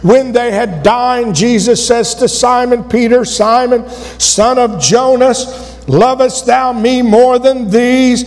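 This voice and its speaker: A man preaching a sermon to a congregation, rising to impassioned shouts and falling back to low, quiet asides. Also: fairly even intonation, slow. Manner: impassioned, builds to shouting then drops low. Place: church. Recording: long reverb of a church hall.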